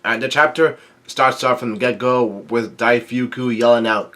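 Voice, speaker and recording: A man casually reading through and recapping a manga chapter, halting with frequent ums and restarts. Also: medium pitch, steady tone, fairly bright tone.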